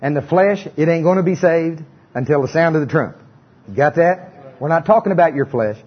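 Husky preacher man leading responses. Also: on the high side, brisk, muffled recording. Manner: animated, joking asides, leads congregation in repetition. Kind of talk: sermon with call-and-response.

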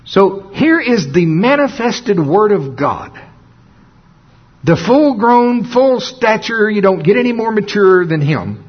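A man preaching a folksy sermon, often laughing and slowing down for dramatic emphasis. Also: high voice, sing-song, husky. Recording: dull lo-fi sound.

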